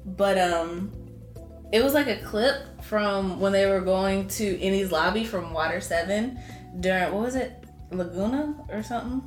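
A woman co-hosts a casual podcast and tells stories in a lively, chatty way. Her voice has a middling pitch and carries a roomy echo. Faint music plays behind her. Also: a little slow. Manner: animated, chatty storyteller. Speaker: podcast co-host. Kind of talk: casual chat.

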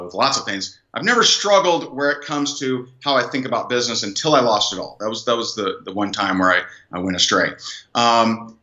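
A man telling a personal story as an interview guest, animated and rambling, with many fillers and restarts. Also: mid-range voice. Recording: dull, echoey room sound.

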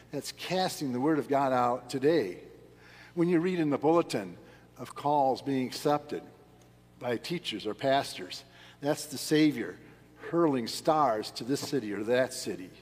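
A man's voice: medium pitch, slightly rough. A man preaching a sermon as pastor, earnest and emphatic, pressing hard on key words. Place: church sanctuary. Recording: long church reverb.

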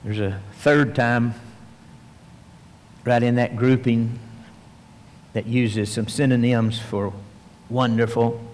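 A man preaches in a folksy, storytelling way, rising to lively emphasis and then dropping to a near-whisper. His mid-range voice rings out with a long reverb from a large hall. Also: mid-range voice, slow pace, pauses often, a little hiss or hum. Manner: folksy storytelling, swings between animated and hushed. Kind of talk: sermon.

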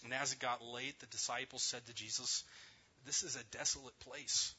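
A man preaching a sermon, retelling a scripture story with emphasis and dropping at times to a soft, near-whispered voice. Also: medium pitch, fairly even intonation, moderate pace, slightly rough, dull audio.

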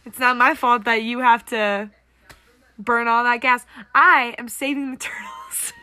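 A teenage girl co-hosting a casual podcast, animated and giggly, talking in quick bursts. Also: fairly high pitch. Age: teens. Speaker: podcast co-host. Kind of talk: casual chat.

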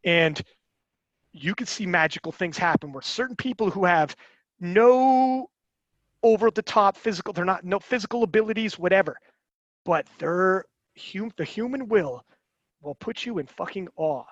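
A man talking casually on a podcast, animated and rambling, with frequent restarts and swearing. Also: high voice, moderate pace, dry recording, lo-fi sound.

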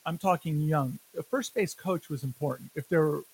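A man co-hosting a casual sports podcast, talking in animated, jokey rants and laughing often. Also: on the high side, normal speed, slight background noise, poor audio. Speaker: podcast co-host.

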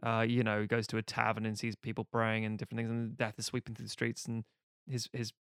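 A man's voice: lowish voice, monotone, fast, fairly bright tone, clear, resonant tone, no room sound, clean studio sound. Rambling, profane man recapping a film. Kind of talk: casual film recap chat.

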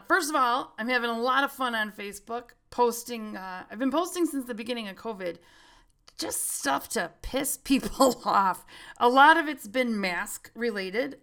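Woman podcast host, middle-aged, fairly high voice, chatty storyteller, laughs a lot. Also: vocal fry, fairly bright tone. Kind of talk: casual chat.

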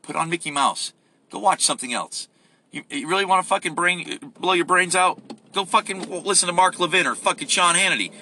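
A man's voice: high-pitched, a little fast, sharp tone, a little hiss or hum. A man ranting casually while driving, rambling and profane, rude and crude by his own account. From United States. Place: in a car on the road.

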